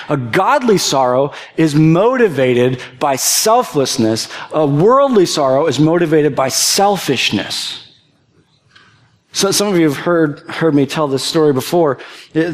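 Earnest man preaching with fervent build. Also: fairly high pitch. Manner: earnest, repeats words and restarts often, builds to impassioned emphasis. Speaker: pastor. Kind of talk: sermon.

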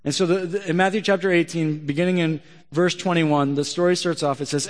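A man's voice: on the high side, steady tone, a little fast. A male pastor preaching a sermon in a conversational way, often asking the audience questions. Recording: long reverb of a large hall.

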